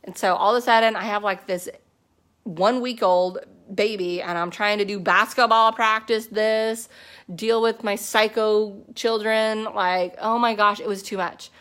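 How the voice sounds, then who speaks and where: A woman's voice: mid-range voice, a little slow. Chatty woman telling her story. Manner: chatty, animated storytelling with many fillers. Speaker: network marketing distributor. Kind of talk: casual personal testimony to a team.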